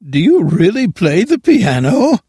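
A man voicing a kindly, wealthy old gentleman in a storybook reading, speaking slowly and courteously. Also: high-pitched, wildly swooping pitch, breathy edge, no room sound, clean studio sound, pitched above the performer's own voice, exaggerated voice.

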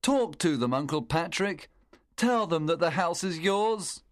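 A man's voice: fairly high pitch, animated, unhurried, pitched above the performer's own voice. A man reading a story, voicing a frightened young man who pleads urgently. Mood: pleading.

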